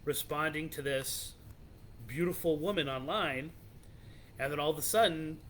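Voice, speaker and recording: Brief: male podcast host, slightly high voice, loose storyteller, faint rumble behind. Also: normal speed, a bit bright. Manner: rambling, loose, many restarts and "like". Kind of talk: casual storytelling of legends.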